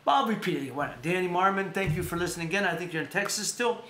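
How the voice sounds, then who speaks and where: A man's voice: high-pitched, very fast, sharp tone, a little hiss or hum. A man hosting a casual talk show, rambling and repeating himself as he plugs sponsors. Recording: echoey room.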